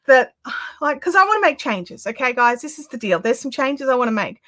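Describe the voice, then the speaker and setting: A woman hosting a craft live stream in casual, excitable chat, often restarting her sentences. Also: on the high side. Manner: chatty and excitable, with frequent restarts. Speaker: craft channel host.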